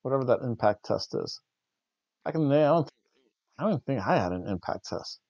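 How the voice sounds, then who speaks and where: Rambling, wry wrestling review host. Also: male voice, medium pitch, animated, fairly quick, vocal fry, darkish tone, no room sound, lo-fi sound. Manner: wry, rambling, jokey asides. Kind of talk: casual review chat.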